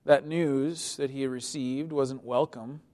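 A man preaching a sermon who reads scripture aloud, speaking with emphasis and swinging between loud pleading and quiet asides. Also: medium pitch, fairly even intonation, slow.

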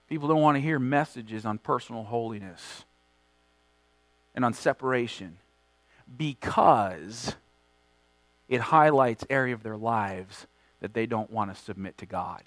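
A man preaching a sermon as pastor, emphatic, slowing down and swelling on key words, often repeating words as he restarts a phrase. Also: mid-range voice, a bit bright, no echo, rough recording.

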